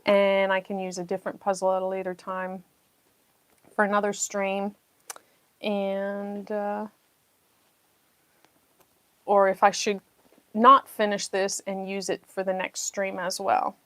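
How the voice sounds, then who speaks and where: A woman's voice: mid-range voice, completely flat delivery, slow pace, long pauses, a bit bright, no room sound. A woman hosting a casual livestream while she builds a jigsaw puzzle, chatting freely and thanking her viewers effusively.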